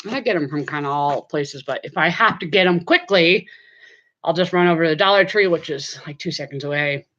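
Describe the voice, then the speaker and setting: A woman's voice: deep voice, fairly quick, a bit bright. Chatty woman on a lo-fi live stream. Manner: chatty, talks straight to viewers. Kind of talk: casual live-stream chat. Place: home desk.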